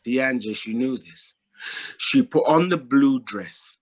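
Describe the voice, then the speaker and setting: A man telling a folk tale aloud to an audience, rhythmic and repetitive with dramatic pauses. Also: medium pitch. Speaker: storyteller.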